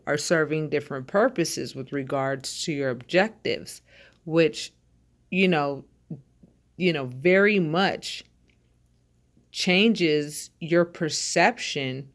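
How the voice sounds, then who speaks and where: Woman, tarot host, low voice, calm and reassuring. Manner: calm, reassuring, speaks directly to listeners. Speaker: tarot reader. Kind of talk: spoken tarot reading.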